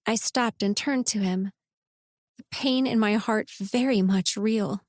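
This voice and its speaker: A woman narrating a first-person romance audiobook in a measured, intimate reading. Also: medium pitch, no echo, clean studio sound.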